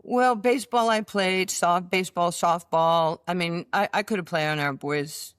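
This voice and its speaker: A woman, a guest telling lively stories from her childhood in a casual chat, full of fillers and restarts. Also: on the low side, normal speed, smooth, no echo, clean studio sound. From New York. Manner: animated storyteller with many fillers and restarts. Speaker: interview guest.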